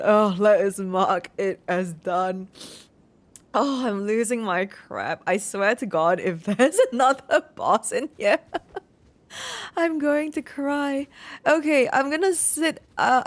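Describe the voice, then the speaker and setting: A woman's voice: mid-range voice, very animated, slow pace. A woman talking herself through a game boss fight, swearing and exclaiming as she plays. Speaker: gameplay streamer. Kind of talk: live gameplay commentary.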